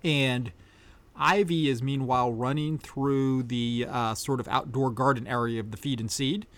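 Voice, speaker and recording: A man's voice: mid-range voice, fairly even intonation, unhurried, fairly bright tone. A man running a tabletop game as game master, narrating easily and thinking aloud. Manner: easygoing, thinks aloud with fillers.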